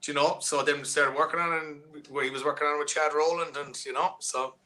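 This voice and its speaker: A musician with an Irish accent, slightly high-voiced, talks fast in a pushed, bright way with fairly even intonation. He is a guest in a loose, casual interview held over a video call, and he rambles with many restarts and fillers.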